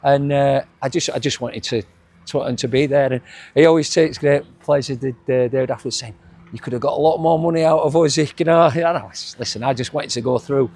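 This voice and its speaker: A man's voice: mid-range voice, brisk, darkish tone, slightly rough. A middle-aged man with a Yorkshire accent, a former footballer reminiscing in a casual interview, rambling with frequent restarts and chuckles. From England.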